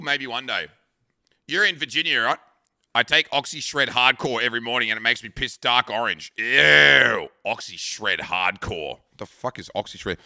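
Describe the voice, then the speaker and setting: A man's voice: on the high side, sharp tone, dry recording, clean studio sound. An Australian man in his thirties, chatting casually with stream viewers and rambling through crude stories, swearing freely. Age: 30s. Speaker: live streamer.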